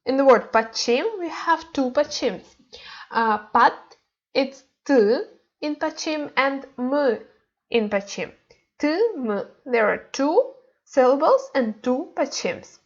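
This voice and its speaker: Slow high-voiced woman teacher, muffled. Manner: halting, many fillers and restarts. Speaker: language teacher. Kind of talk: explaining lesson.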